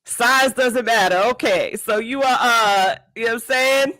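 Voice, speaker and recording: A woman hosts a casual podcast interview, her voice bright and forceful. She talks in loose slang and laughs often between questions. The sound is dry and close. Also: on the high side, unhurried, no room sound, low-quality recording. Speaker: podcast host.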